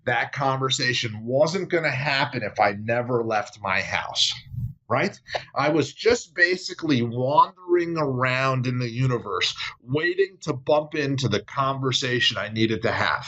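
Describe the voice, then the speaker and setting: A man's voice: medium pitch, lively intonation, unhurried, sharp tone, dull audio. A man as a podcast guest, sharing personal stories in a candid conversational way and often checking in with "right?". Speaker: podcast guest, app founder. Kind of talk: conversational interview storytelling.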